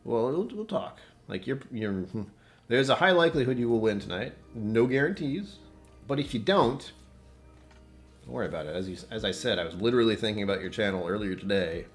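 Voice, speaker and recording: A man's voice: on the low side, expressive, a little fast, soft background music. A man hosting a casual home whiskey livestream, rambling and often breaking off mid-thought to fix things. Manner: rambling, distractible, self-interrupting.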